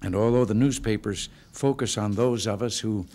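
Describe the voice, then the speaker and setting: A man's voice: lowish voice, normal speed, slight background noise. Older man telling folksy jokes at a podium. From United States. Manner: folksy, relaxed storytelling with dry humor. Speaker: president giving remarks. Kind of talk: informal speech with joke stories. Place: hotel function room.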